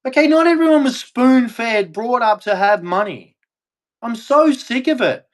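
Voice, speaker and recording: Australian man, agitated rant, lots of swearing, fairly high voice. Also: expressive, measured pace. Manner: agitated, profane, repetitive. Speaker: streamer. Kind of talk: angry rant.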